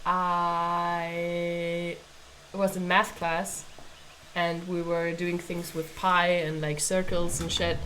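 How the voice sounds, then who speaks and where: A woman's voice: fairly low pitch, little pitch movement, takes it slowly, a bit bright, slight background noise, low-quality recording. A young woman from Germany, telling stories in casual, laughing chat while drawing on a livestream. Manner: chatty, laughing storyteller. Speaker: livestream co-host.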